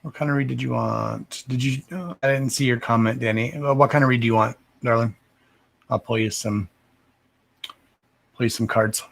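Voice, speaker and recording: A man's voice: medium pitch, fairly even intonation, moderate pace, gravelly, pauses often, a bit bright. A man, mumbling as he chats casually and profanely on a livestream as a card reader. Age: 30s. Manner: profane, rambling and self-deprecating.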